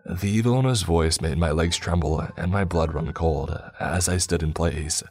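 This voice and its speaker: A man with a very deep, low voice tells a first-person horror story. His delivery is steady and measured, with faint music under it.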